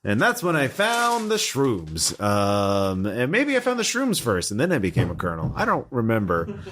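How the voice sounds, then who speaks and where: A man's voice: mid-range voice, wildly swooping pitch, normal speed, a bit bright, slight background noise. A man voicing a filthy, scruffy, cranky homeless man who rambles indignantly about his hiding spot. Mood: rambling.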